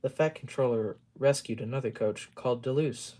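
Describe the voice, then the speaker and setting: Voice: medium pitch, moderate pace, dark tone. A tired amateur reader working through a children's story aloud, stumbling over words, correcting themselves and swearing under their breath.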